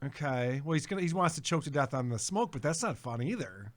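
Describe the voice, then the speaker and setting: A man co-hosting a comedy podcast, reacting to a story with quick, wry jokes and questions. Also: a little high, lively intonation. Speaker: podcast co-host. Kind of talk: casual comedic chat.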